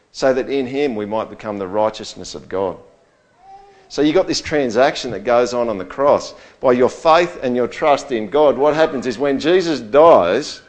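A man preaching a sermon in a conversational way, often checking in with his listeners and swinging between quiet, low stretches and loud, high bursts. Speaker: pastor.

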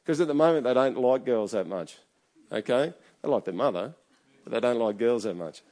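A man's voice: medium pitch, lively intonation, fairly quick, dark tone. A middle-aged man preaching a conversational sermon, often checking in with his listeners. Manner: chatty, keeps checking in with the congregation. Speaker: pastor.

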